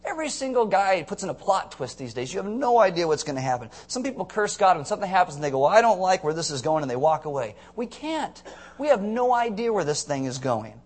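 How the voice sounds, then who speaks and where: A man preaching a sermon as a pastor, telling stories with jokes and asides to the congregation in a quick, conversational way. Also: high voice. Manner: animated storytelling with jokes and audience asides.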